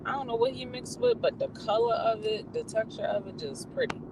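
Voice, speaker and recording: A vlogger chatting casually while driving, bursting into excited exclamations. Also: mid-range voice, brisk. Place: car on the road. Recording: loud road noise from driving.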